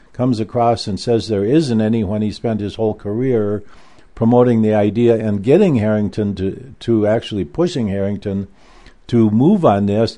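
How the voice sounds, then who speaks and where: A man's voice: lowish voice, warm tone. A male guest author telling a long story in a rambling way, with frequent restarts and asides. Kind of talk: conversational recounting.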